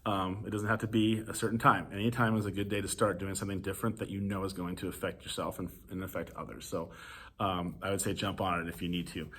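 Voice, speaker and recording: A man hosting a podcast, giving casual advice to teachers and parents in a relaxed, conversational way full of ums and "you know". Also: low voice, quick pace, slightly rough. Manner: relaxed, filler-heavy, conversational. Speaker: podcast host.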